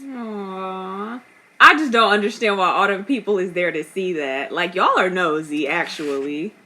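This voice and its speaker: A young woman giving casual reaction commentary. She is chatty and expressive, laughs often, and talks back at the screen. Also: medium pitch, a little slow, slight background noise. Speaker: reaction vlogger.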